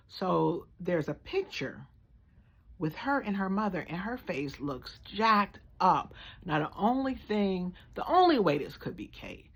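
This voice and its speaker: American woman, low voice, husky, blunt slangy vlog commentary. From United States. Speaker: vlogger. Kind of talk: casual opinion commentary.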